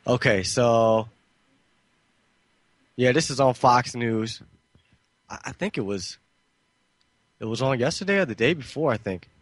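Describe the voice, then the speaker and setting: A man's voice: mid-range voice, measured pace, long pauses, no echo, studio quality. A male talk radio host giving loose, slangy, sarcastic commentary between clips.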